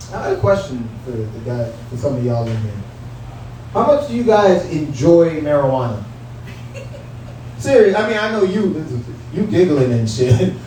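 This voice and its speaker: Profane comedian echoing in a small club. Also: male voice, on the high side, darkish tone, distant mic, a little hiss or hum. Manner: profane, loose, talks straight to the crowd. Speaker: stand-up comedian. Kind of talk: stand-up comedy set. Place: small comedy room at a cannabis lounge. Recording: very echoey room picked up from afar.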